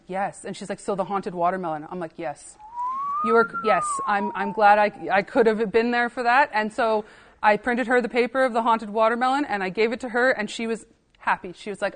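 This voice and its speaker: A woman's voice: medium pitch, a little fast. A woman, an assistant archivist, telling funny anecdotes in a casual podcast interview and acting out the voices of the people she quotes. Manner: animated anecdotes, acting out quoted dialogue, laughing.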